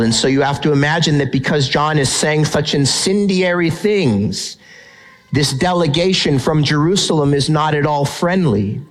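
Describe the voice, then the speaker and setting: A man's voice: a little high, poor audio. A man preaching a sermon in an emphatic, conversational way, often asking rhetorical questions. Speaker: pastor.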